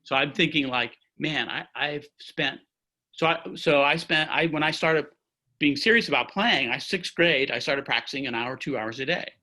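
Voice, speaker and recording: A man's voice: on the high side, normal speed, pushed and bright, poor audio. A man in his sixties, a trumpet player, telling a long-winded, rambling story with lots of restarts on a video call from home. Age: 60s. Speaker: orchestra trumpet player, guest. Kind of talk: anecdotal storytelling in an interview. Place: at home by his music stand.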